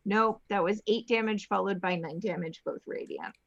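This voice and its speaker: A woman's voice: medium pitch, moderate pace, vocal fry, lo-fi sound. A woman playing in a tabletop game, playful and giggly. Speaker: player. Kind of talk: casual tabletop game chat.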